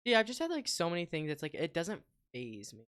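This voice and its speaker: A man's voice: on the high side, very animated, brisk, fairly bright tone, smooth. A young man co-hosting a casual podcast, sarcastic and swearing often. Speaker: podcast co-host. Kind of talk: casual chat.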